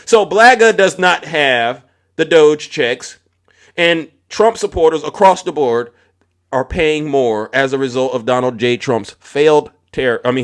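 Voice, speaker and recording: A man hosting a political commentary vlog in a mocking, animated way, talking straight to his viewers. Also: medium pitch. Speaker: host.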